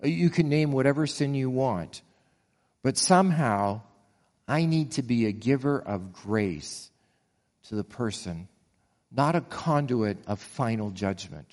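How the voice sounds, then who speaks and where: A man delivers a sermon in an earnest, steady voice. He asks the listeners pointed rhetorical questions and often restarts his words mid-phrase. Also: mid-range voice, measured pace, big-room sound. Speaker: pastor.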